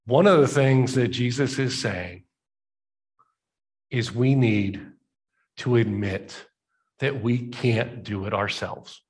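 A man preaching a sermon as a pastor, telling the story conversationally and slowing down for emphasis. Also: mid-range voice, a little mellow.

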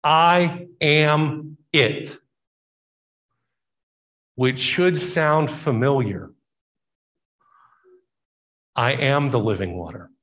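A man's voice: mid-range voice, drawn-out words, long pauses, a bit bright. A man preaching a sermon, retelling a Bible story with emphatic repetition and voiced quotes. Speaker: pastor.

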